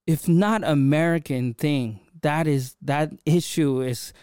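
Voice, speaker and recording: A man hosting a podcast, telling a story in a casual, animated way and often checking in with his listener. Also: a little high, takes it slowly, smooth, dry recording, studio quality. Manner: animated, chatty, frequent "right?" check-ins. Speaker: podcast host.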